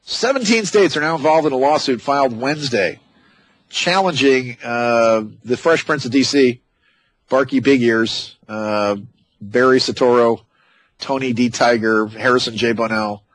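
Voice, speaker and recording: Sarcastic talk radio host, husky. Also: male voice, medium pitch, normal speed, a bit bright, no echo, rough recording. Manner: sarcastic, mocking asides while reading news. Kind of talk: opinionated talk radio commentary.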